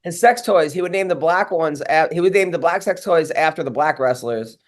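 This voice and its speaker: A man's voice: on the high side, fairly quick. Joking male podcast co-host. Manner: storytelling, mimicking quotes. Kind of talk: casual podcast banter.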